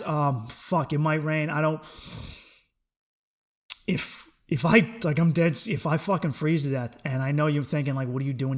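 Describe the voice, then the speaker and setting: A young man hosting a solo podcast, ranting in a profane, excitable way that swings between loud outbursts and low mutters. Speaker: podcast host.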